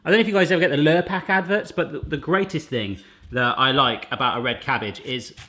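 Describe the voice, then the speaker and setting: A man's voice: on the high side, quick pace, pushed and bright, a little hiss or hum. Chatty man with a raised voice. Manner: chatty, jokey, rambling asides. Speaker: cooking channel host. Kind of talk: casual cooking demonstration.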